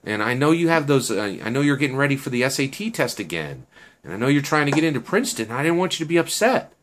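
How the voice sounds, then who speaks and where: A man's voice: medium pitch, very animated, fast talker, a little hiss or hum, voice pushed up, close to an everyday voice. A man voicing Annie, an anxious, sorry teenage girl, in a told story, talking in a rush.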